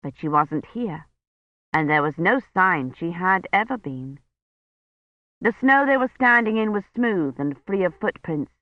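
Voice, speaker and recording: A man narrating a novel as an audiobook in a measured storytelling delivery. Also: high-pitched, expressive, no echo, narrow, tinny audio. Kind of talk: scripted narration.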